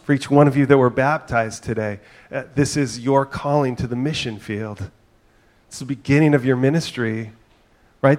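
Conversational middle-aged male pastor preaching. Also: mid-range voice. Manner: conversational, storytelling with asides and filler "right?". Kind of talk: sermon.

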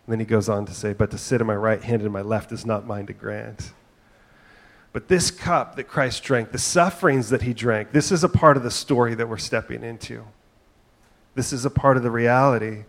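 A middle-aged man delivers a sermon as a pastor, speaking at an ordinary mid pitch. He talks conversationally, weaving in personal stories and frequent asides to the congregation. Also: fairly even intonation, moderate pace. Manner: conversational, storytelling with asides and filler "right?".

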